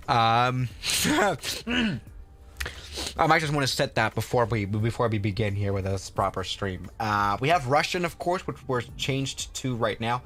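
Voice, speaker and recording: A man's voice: mid-range voice, fairly bright tone. A man hosting a casual flight-sim livestream, chatty and rambling, with lots of fillers and restarts.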